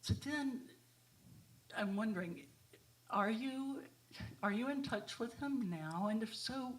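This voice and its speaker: A woman's voice: fairly high pitch, lively intonation, takes it slowly. A woman in the audience asking a question into a handheld microphone, searching for her words as she goes. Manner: hesitant, searching phrasing. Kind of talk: audience question at a spiritual talk.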